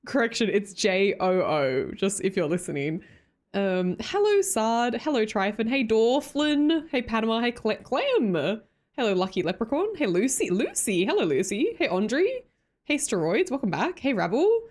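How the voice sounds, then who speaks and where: A woman's voice: fairly high pitch, very animated, normal speed, a little mellow. A young woman with an Australian accent chatting casually with her live-stream viewers, laughing often and greeting them by name.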